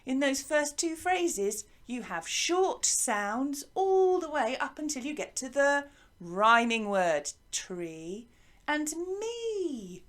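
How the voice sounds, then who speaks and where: A woman with a fairly high voice teaches a music lesson to young children. She talks slowly and patiently. Her voice rises and falls a great deal as she asks questions. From England. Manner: slow, lively, sing-song questions to children. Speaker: primary school music teacher.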